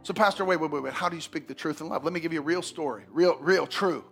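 A man preaching a sermon as pastor, telling stories with big swings from hushed to shouting. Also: a little high, fast talker, vocal fry, soft background music. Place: church sanctuary.

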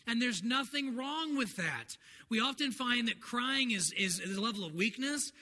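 High bright-voiced man preaching in a reverberant hall. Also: lively intonation, normal speed. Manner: earnest, conversational preaching. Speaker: pastor. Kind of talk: sermon. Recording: long hall reverb, faint noise.

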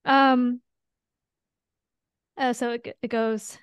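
A young adult woman, a pharmacist co-hosting a podcast, talking in a casual, earnest way and quick to get emotional. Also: fairly high pitch, fairly even intonation, clean tone, dry recording, studio quality.

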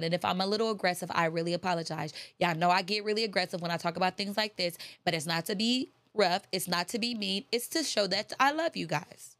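A woman's voice: on the low side, fast talker, hardly any pauses, fairly bright tone, no room sound. A woman giving a faith-based motivational talk, emphatic and repeating her key phrases. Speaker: motivational speaker.

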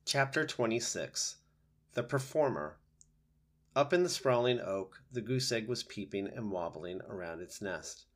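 Low-voiced man reading a storybook. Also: measured pace. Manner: steady, gentle storytelling. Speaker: narrator. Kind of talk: reading a children's book aloud.

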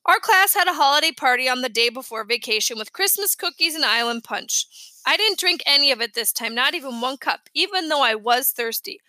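Bright-voiced woman reading a children's story. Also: sits high, lively intonation, brisk, dry recording. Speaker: narrator.

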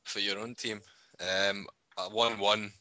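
A man co-hosting a casual podcast chat, sarcastic and quick to laugh. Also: fairly low pitch, flat delivery, pushed and bright, dull audio, a little hiss or hum. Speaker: co-host.

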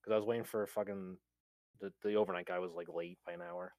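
A young man tells a rambling workplace-style anecdote in a lowish, laid-back voice. He curses constantly, laughs often, and slips into quoted voices. The sound is close and dry. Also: level tone, quick pace, darkish tone, dry recording. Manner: swears a lot, laughs often, acts out quotes. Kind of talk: casual storytelling chat.

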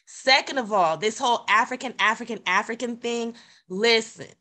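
A woman's voice: a little high, normal speed, sharp tone. An American woman speaking passionately and emphatically in a casual panel discussion. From United States.

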